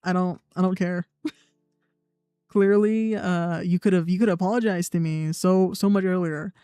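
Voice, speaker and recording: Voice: mid-range voice, fairly even intonation, unhurried, dark tone, clear, resonant tone, dry recording. Blunt, profane young streamer. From United States. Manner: sarcastic, mocking mimicry of others. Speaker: livestreamer. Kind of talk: casual chat. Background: faint background music.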